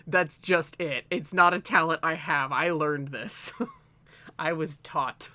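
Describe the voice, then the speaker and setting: Bright-voiced man chatting loosely. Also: a little high, slow pace. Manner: rambling, laughing, swearing freely. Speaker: streamer co-host. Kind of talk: casual chat.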